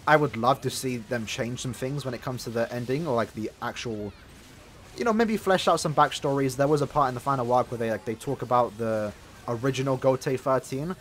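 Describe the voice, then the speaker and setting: A man's voice: mid-range voice, brisk, slight background noise. Chatty young man with a sore throat. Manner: rambling, chatty, many fillers. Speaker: gaming channel host. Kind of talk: casual chat while playing a mobile game.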